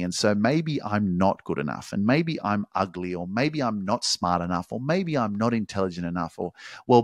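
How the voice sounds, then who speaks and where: A man with a lowish voice gives a motivational monologue, hammering his points with profanity and repetition. The sound is dry and close, with no room echo. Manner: profane, forceful, repetitive exhortation. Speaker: motivational coach.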